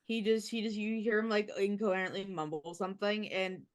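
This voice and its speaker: A woman playing a tabletop role-playing game, speaking haltingly with many restarts. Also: mid-range voice, little pitch movement. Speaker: player. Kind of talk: in-character tabletop play.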